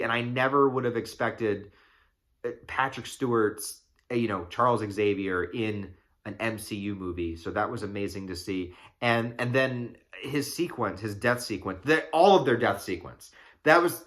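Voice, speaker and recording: An excitable young man rambles through a casual spoiler review of a movie, packing in fillers and curses as if talking straight to his viewers. His medium-pitched voice carries a bright, forceful edge.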